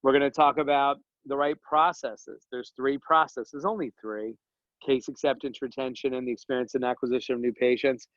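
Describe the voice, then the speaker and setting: A man talking as a podcast guest and dental business coach, energetic and joking, rambling with slang asides. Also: medium pitch, moderate pace, no echo, dull audio. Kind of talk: casual podcast conversation.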